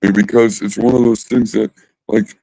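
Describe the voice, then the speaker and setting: A man's voice: fairly low pitch, flat delivery, moderate pace, gravelly, warm tone, no echo, poor audio. A man hosting a casual livestream chat, laid-back and rambling, with casual swearing. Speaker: host.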